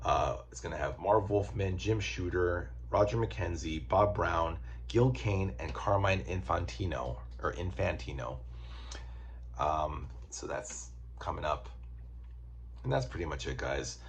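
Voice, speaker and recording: A man's voice: sits low, lively intonation, measured pace, creaky, slight background noise. A very tired man casually reviewing comic books on his channel, rambling and joking crudely.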